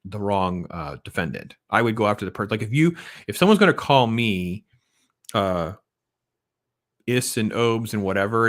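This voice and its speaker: A man with a lowish voice hosts a casual livestream talk show and reacts to viewer comments with firm opinions. The sound is close and dry, with no room echo. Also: a bit bright. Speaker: podcast host.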